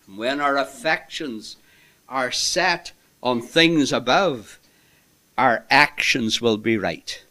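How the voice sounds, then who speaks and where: A man preaching a sermon in an impassioned way, swinging between loud emphasis and hushed asides. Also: mid-range voice, expressive, takes it slowly.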